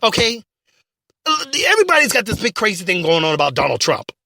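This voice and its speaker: A man's voice: high-pitched, wildly swooping pitch, fast talker, creaky, sharp tone, no room sound, full character voice. A man playing a stammering, ranting radio host. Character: blustering loudmouth male radio host. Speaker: radio talk show host. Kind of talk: comedy skit parodying talk radio.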